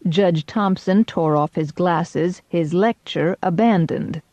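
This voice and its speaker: Low, slow woman narrating an audiobook. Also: dark tone, no echo. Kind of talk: first-person audiobook narration. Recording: slightly muffled dry audio.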